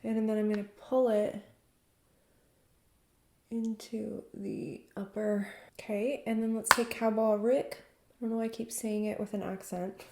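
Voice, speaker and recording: A woman's voice: on the high side, steady tone, a little fast, mellow, slight background noise. Chatty woman vlogger in an echoey room. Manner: chatty, enthusiastic, talks while working. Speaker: beauty vlogger. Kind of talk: casual makeup tutorial chat.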